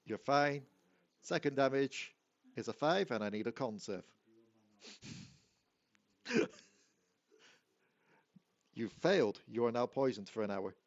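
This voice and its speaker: A man's voice: medium pitch, takes it slowly, long pauses, highs cut off. A man running a tabletop game as dungeon master, counting out dice rolls and reading rules, often laughing.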